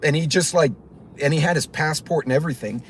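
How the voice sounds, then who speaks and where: This channel host's voice sits a little high and moves at a quick pace over slight background noise. He rambles casually through a story with lots of fillers and false starts, doing impressions of the other people involved.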